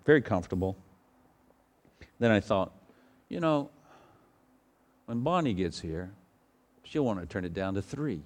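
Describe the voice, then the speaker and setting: A middle-aged pastor preaching a sermon, asking the congregation rhetorical questions and swinging from loud emphatic outbursts to quiet storytelling. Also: male voice, lively intonation, unhurried, pauses often. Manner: preaching with sudden loud high bursts, then quiet anecdotes.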